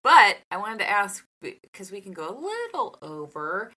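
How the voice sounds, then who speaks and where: A woman co-hosting a casual chat, telling stories in an animated way. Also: normal speed. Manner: animated storytelling, high-pitched when quoting a toddler.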